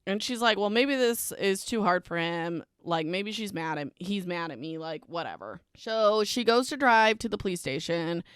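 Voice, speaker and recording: A young woman chats through a book recap with an eye-rolling, sarcastic edge, tossing in "like" and "whatever" at every turn. Her voice is smooth and clean, sitting at an ordinary middle pitch, and it is recorded dry and close with no room sound. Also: animated, normal speed, few pauses, no room sound. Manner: sarcastic, dismissive, heavy use of "like" and "whatever". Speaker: podcast host.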